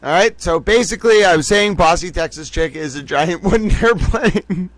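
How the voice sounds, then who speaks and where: A man's voice: sits high, normal speed, a bit bright, no room sound. A man hosting a casual livestream, giggly and theatrical, often breaking into laughter as he talks to his chat. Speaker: livestream host. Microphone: desk microphone.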